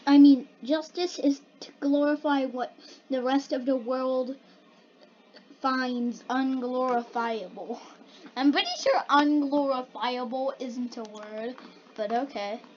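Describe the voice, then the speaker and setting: A kid's high voice, taking things slowly, reads out weird generated quotes and then ponders them in a bemused, giggly way. This is casual reaction commentary for a video, recorded at home with dull lo-fi sound and faint hiss.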